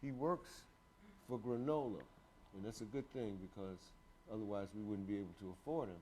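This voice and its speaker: A man's voice: fairly low pitch, a little fast, dark tone, a little hiss or hum. A man in his sixties hosting a casual show, rambling and joking with frequent laughs. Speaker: host. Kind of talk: casual chat.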